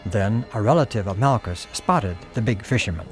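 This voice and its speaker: A man's voice: lowish voice, lively intonation, moderate pace. A man narrating a radio drama in an earnest, dramatic storytelling manner. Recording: music underneath.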